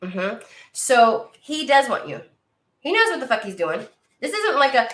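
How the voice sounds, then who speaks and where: A woman's voice: fairly high pitch, big pitch swings, moderate pace, a bit bright. A woman giving a casual tarot reading, talking bluntly and with lots of swearing, straight to her viewers. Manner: blunt and profane, talks to viewer directly. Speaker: tarot reader. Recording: echoey room.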